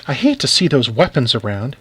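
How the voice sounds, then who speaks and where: A man voicing a gentle, anxious tiny mother who frets softly. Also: medium pitch, wildly swooping pitch, fairly quick, breathy edge, heavily acted. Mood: fretful.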